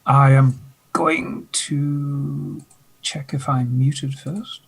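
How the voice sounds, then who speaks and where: A man plays a tabletop game online. He talks slowly and unsurely, and his voice comes out gravelly and husky. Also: mid-range voice, steady tone, low-quality recording. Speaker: player. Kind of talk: casual tabletop play.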